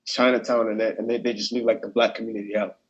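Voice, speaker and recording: Speaking quickly in a lowish, fairly flat voice with a breathy edge, this young man joins a casual video-call discussion as a student panelist. His delivery is halting, full of restarts and fillers, and the sound quality is lo-fi.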